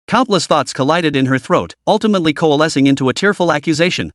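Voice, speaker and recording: A man narrating a story in a steady, dramatic storytelling manner. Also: on the high side, quick pace, few pauses, no room sound, studio quality.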